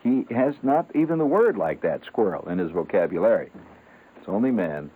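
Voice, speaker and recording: A male radio host rambles through a comic monologue, halting and full of fillers. His voice is low and husky, with a pitch that bounces up and down. It comes through a tinny, phone-like old radio broadcast. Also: sing-song.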